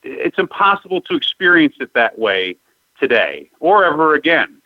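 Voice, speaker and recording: Nostalgic higher-voiced man, dry lo-fi sound. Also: big pitch swings, normal speed, no echo. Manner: nostalgic, reflective reminiscing. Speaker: podcast host. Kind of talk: casual interview chat. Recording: dry, dull lo-fi audio.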